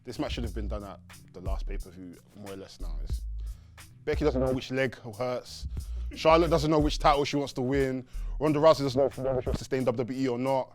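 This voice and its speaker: A man's voice: mid-range voice, a little fast, faint music behind. A young man, sounding weary and dismissive in a casual wrestling chat.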